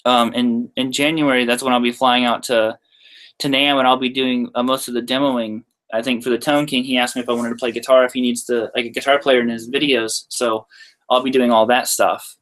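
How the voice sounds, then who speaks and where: A young man talks off the cuff to his viewers in a casual live-stream Q&A, sharing how he handles his guitars. His voice sits at an ordinary middle pitch. The talk rambles in a friendly way, full of "like" and "uh", with light laughs along the way. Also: flat delivery, a little fast, fairly bright tone. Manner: laid-back, chatty, loose with frequent "like" and "uh"; laughs lightly mid-sentence. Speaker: guitarist answering viewer questions.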